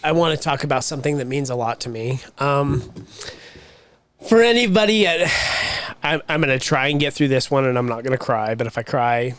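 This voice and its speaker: A man co-hosting a podcast, talking earnestly in casual chat with many pauses and fillers. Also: medium pitch, animated, fairly bright tone, clean tone. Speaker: podcast co-host.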